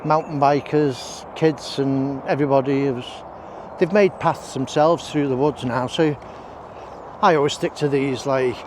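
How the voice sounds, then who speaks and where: A man's voice: mid-range voice, steady tone, unhurried, background noise. A man chatting casually while walking outdoors, breathing heavily between rambling asides. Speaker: walking vlogger. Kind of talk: casual walk-and-talk narration. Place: outdoors on roads and country paths.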